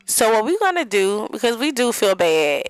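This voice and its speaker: A woman's voice: on the high side, very animated, moderate pace, dry recording, soft background music, poor audio. A young woman giving casual gameplay commentary in a life-sim game, chatty and talking straight to her viewers. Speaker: gaming vlogger.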